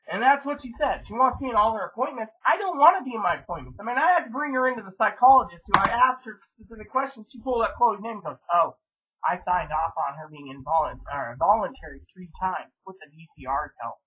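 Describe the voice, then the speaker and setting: A high-pitched man with a husky edge vents at length into his camera at home. His talk is rambling and profane, full of repeated fillers. The sound is muffled and lo-fi. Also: animated, fast talker. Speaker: vlogger. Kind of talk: angry personal venting.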